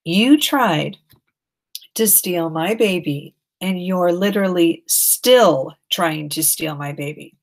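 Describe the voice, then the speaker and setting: Woman playing a fierce, sharp-tongued mother. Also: fairly low pitch, slow pace. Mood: accusing. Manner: curt, biting. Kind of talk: audiobook reading.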